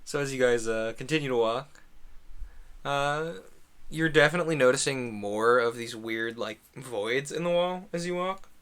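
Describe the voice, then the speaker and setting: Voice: medium pitch, moderate pace, fairly bright tone, smooth. A game master narrating a tabletop game in a rambling, playful way with many fillers. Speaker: dungeon master.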